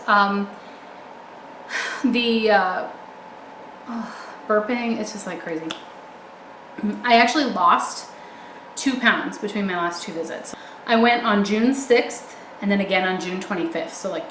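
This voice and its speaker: A woman's voice: medium pitch, fairly bright tone, slight background noise. Breathless chatty young woman, roomy sound. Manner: chatty, rambling, many ums and likes. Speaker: vlogger. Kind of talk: casual chat to camera.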